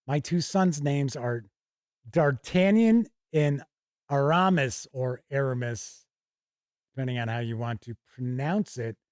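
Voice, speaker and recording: A man's voice: medium pitch, a little slow, a little mellow, no room sound, clean studio sound. A middle-aged man hosting a casual livestream, reading passages aloud from old game books and correcting himself as he goes. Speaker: host.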